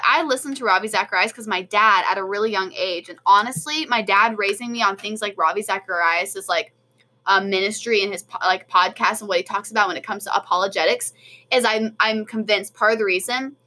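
A young woman co-hosting a podcast, telling a story in animated casual chat with many fillers. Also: mid-range voice. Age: young adult. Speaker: podcast co-host.

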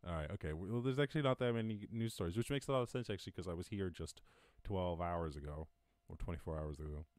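Deep-voiced Irish man, chatty and laughing. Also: fast, a little mellow, dry recording. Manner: chatty, swears freely, laughs at his own jokes. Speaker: podcast host. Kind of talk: casual live-stream news commentary. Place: home during lockdown.

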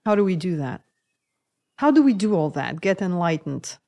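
A woman's voice: on the low side, big pitch swings, normal speed, vocal fry, a little mellow. Playful woman co-host asking questions. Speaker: podcast co-host. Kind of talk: casual interview chat.

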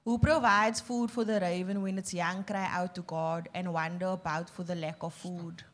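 Woman reading scripture aloud, steady. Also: on the low side, normal speed. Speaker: scripture reader.

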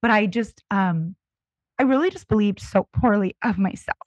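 A woman's voice: mid-range voice, normal speed, dry recording. A woman in her thirties, a podcast guest, telling her own story in an open, earnest way. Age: 30s. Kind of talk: candid personal testimony.

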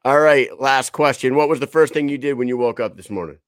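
A man's voice: medium pitch, quick pace, no echo. Guy in his 30s hosting a podcast, cussing and laughing, dry close sound. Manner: loose, profane, laughs often. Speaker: podcast host. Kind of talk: casual podcast chat.

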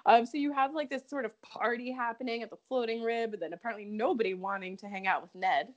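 A woman co-hosting a podcast in casual chat, animated and giggly, with frequent laughs and fillers. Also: a little high, quick pace, lo-fi sound. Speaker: podcast co-host. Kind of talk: casual chat recapping a soap opera.

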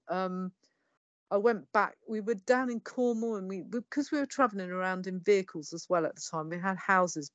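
A woman's voice: lowish voice, dry recording. Blunt, swearing English woman storyteller. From England. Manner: swears freely, tells it bluntly with quoted dialogue. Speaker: guest. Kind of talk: candid personal storytelling.

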